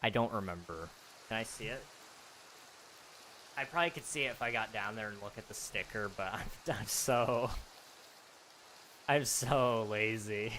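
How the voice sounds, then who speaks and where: A man's voice: on the low side, unhurried, pauses often, bright, forceful tone, a little hiss or hum, rough recording. A man streamer chatting casually to viewers, rambling and self-deprecating, laughing now and then. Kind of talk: casual live stream chat.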